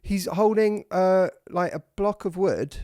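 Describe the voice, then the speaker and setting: A man hosting a podcast in a playful, teasing, animated way. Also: sits high, measured pace, dry recording, clean studio sound. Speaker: podcast host. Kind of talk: casual chat.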